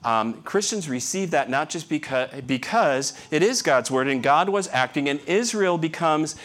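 A man's voice: fairly high pitch, lively intonation, normal speed, fairly bright tone. A middle-aged man, a pastor, giving a conversational sermon full of rhetorical questions and wry self-deprecating humor.

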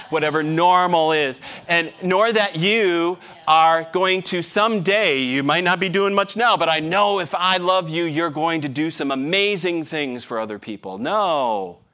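A man's voice: a little high, pushed and bright. A middle-aged man, a pastor, giving a conversational sermon full of rhetorical questions and wry self-deprecating humor.

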